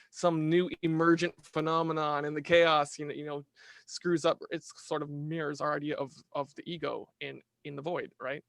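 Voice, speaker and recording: A man talking as a podcast guest in casual conversation, animated, restarting his sentences and asking "right?" often. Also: a little high, vocal fry, dry recording.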